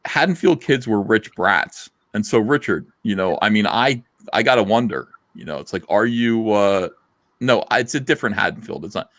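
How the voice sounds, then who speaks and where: A rambling, profane man from hosts a live stream, reading chat out loud. His voice sits lowish and swings up and down a lot. The sound is dry and close. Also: expressive, moderate pace, no echo. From South Jersey, USA. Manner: rambling, profane, lots of fillers.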